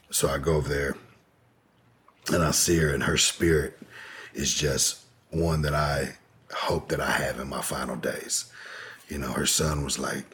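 A man's voice: rumbling low, steady tone, normal speed, fairly bright tone, a little hiss or hum. A man telling a long personal story as an interview guest, candid and rambling, with frequent profanity and fillers.

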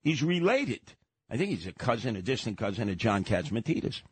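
An older man, co-hosting a radio talk show and telling stories with animated voices. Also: fairly low pitch, a little fast, husky, no echo. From New York. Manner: storytelling, animated voices in quotes. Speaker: radio co-host.

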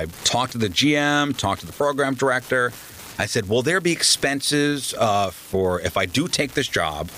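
A man's voice: medium pitch, a little hiss or hum, rough recording. A man telling a long story in a casual interview, acting out the people he quotes. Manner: animated storyteller, acts out quoted voices. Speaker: radio host guest.

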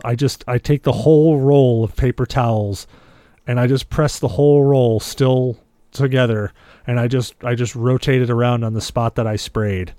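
A man hosting a podcast, telling rambling, animated stories in casual chat. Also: mid-range voice, dry recording, studio quality. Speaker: podcast host.

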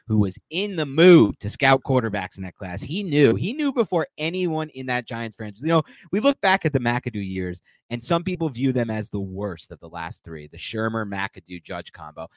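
A man's voice: mid-range voice, dry recording. A man co-hosting a sports podcast, chatting casually and rambling, often correcting himself mid-sentence. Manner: rambling, self-correcting, animated. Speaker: podcast co-host.

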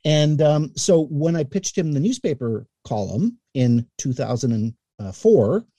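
A middle-aged man from Canada telling animated stories as a guest in a casual interview, sometimes acting out the voices he quotes. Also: fairly high pitch, measured pace, dry recording. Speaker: guest, newspaper columnist and radio voice.

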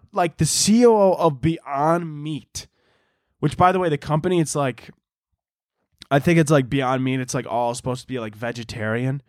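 A man's voice: on the high side, dry recording, studio quality. A young man hosting a podcast, rambling through a profane, comedic monologue. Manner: profane, rambling, animated storytelling. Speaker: podcast host.

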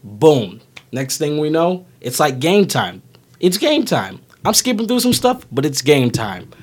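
Slightly rough and fairly high, this man's voice swings a lot in pitch as he unhurriedly recaps a film. He's co-hosting a laid-back podcast, rambling playfully and doing voices for the characters.

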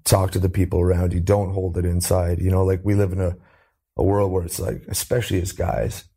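Gravelly low-voiced man telling his story. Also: fairly quick, warm tone. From Canada. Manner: earnest, acts out quoted voices with rising pitch. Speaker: interview guest. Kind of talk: personal storytelling in an interview.

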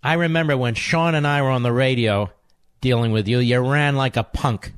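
A man's voice: mid-range voice, moderate pace, clean tone, dry recording. A man hosting a talk radio show, delivering a combative, sarcastic monologue full of mocking insults.

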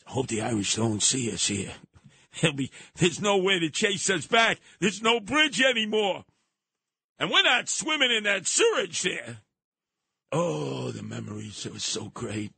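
Animated older New man telling stories. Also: on the high side, unhurried, vocal fry. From New York. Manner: animated, colorful storytelling with bursts of shouting. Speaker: radio talk show host. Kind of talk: storytelling monologue.

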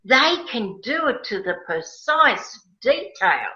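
A woman telling a personal story in a casual interview, animated and emotional, acting out her own past words. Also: fairly high pitch, takes it slowly. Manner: animated, emotional, quotes herself with rising excitement. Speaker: guest. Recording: roomy, slightly dull sound.

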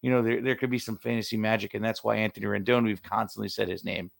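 A man co-hosting a casual sports podcast, excitable, jokey and rambling. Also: fairly low pitch, quick pace, vocal fry, no echo, clean studio sound. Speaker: podcast co-host.

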